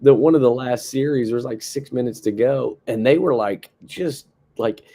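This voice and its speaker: Male podcast co-host, casual sports chat, slightly husky, mid pitch. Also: moderate pace. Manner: relaxed, laughs often, fillers like "like".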